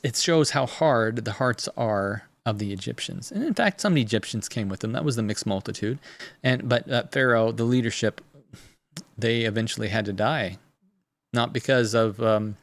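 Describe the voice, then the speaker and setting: A man hosting a live stream, talking fast and rambling with many restarts as he comments on a clip. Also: medium pitch, no room sound. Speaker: host.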